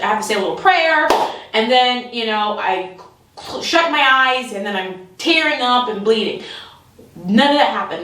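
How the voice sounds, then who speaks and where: A woman tells a comic story in an animated way, laughing often and putting on the voices of the people she talks about. Her voice sits fairly high. She is heard from some distance in a very echoey room. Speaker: comedian. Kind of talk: storytelling comedy.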